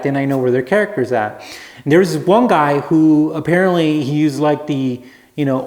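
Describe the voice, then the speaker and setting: A man telling a rambling, relaxed anecdote to camera as a vlogger. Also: fairly high pitch, roomy sound. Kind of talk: casual storytelling to camera.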